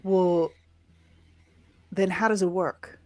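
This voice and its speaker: A woman playing a wary rural young woman in a tabletop game, who asks hesitant, halting questions. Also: fairly low pitch, steady tone, a little mellow. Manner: hesitant, filler-heavy questioning.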